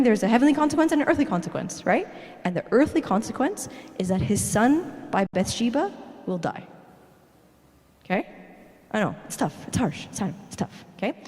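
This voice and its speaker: A young woman giving a casual, dramatic church talk, tagging "okay?" onto her sentences. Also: a little high. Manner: dramatic, keeps adding "okay?". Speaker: youth speaker. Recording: hall reverb.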